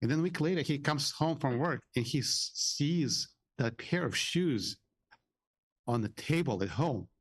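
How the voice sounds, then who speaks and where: A man who is a financial adviser, speaking as a radio guest in a chatty, relaxed way and telling anecdotes. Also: mid-range voice, measured pace, slightly rough, no room sound. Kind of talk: casual radio talk with anecdotes.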